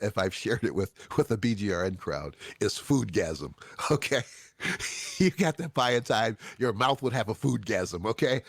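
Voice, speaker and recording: A man's voice: mid-range voice, no room sound, clean studio sound. A man in his sixties from Chicago, hosting a show and telling stories casually, laughing often and restarting his sentences. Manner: animated, laughing, full of restarts. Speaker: show host. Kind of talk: casual storytelling.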